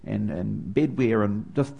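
A man's voice: lowish voice, a little slow, vocal fry, dark tone, breathy edge, dull audio. A middle-aged man from New Zealand with a New Zealand accent, preaching a sermon and telling a personal story with growing feeling. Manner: personal storytelling with rising emotion.

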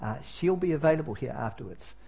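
A man's voice: a little high, expressive, brisk, vocal fry, warm tone, husky. A man preaching as pastor in a church, conversational and self-deprecating, with many fillers and restarts. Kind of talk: sermon.

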